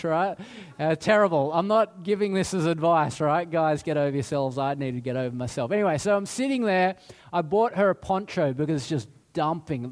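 Man, middle-aged, pastor, conversational sermon, self-deprecating, somewhat high voice.

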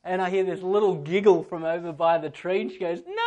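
A man's voice: high-pitched, steady tone, brisk, mellow, highs cut off. A man, preaching a sermon and telling stories, acting out a child's voice at times. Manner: storytelling, acts out a child's voice in anecdotes. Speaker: pastor.

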